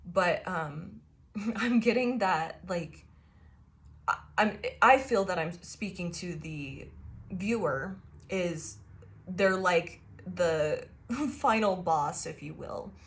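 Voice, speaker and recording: A woman's voice: fairly low pitch, animated, slow, pauses often. A woman giving a casual tarot reading to her viewers, chatty and loose, laughing often mid-sentence and swearing now and then. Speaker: tarot reader.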